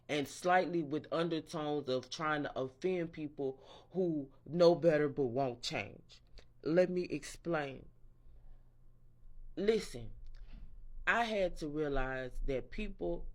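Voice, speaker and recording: A man in a casual morning-rant vlog, rambling and profane and interrupting himself as he talks. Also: on the high side. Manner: quotes imagined people in a raised voice. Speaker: vlogger.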